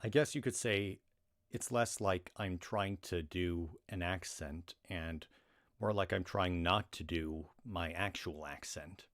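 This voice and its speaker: An American man chatting casually on his livestream, rambling with many restarts and fillers. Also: deep voice. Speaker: livestream reader.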